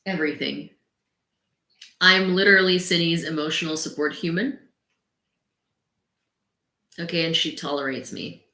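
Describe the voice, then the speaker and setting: A young woman with a Ukrainian accent chats casually on a live stream, laughing often. Her voice is bright and forceful. The room around her echoes. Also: deep voice, steady tone, a little slow, long pauses. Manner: chatty, laughs often, talks to her dog. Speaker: host of a live news stream. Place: home room.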